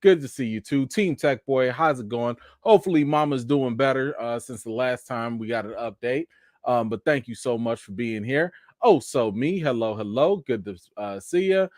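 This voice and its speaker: A man hosting a live stream with three young daughters, talking in a relaxed, chatty way and greeting viewers one by one, in a casual voice. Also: medium pitch, normal speed, no echo. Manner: laid-back, chatty, greets viewers by name.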